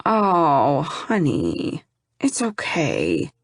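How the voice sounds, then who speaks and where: Female narrator doing a young male best friend, gentle, teasing, reassuring, dry. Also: low-pitched, huge pitch swings, extremely slow, no room sound, full character voice.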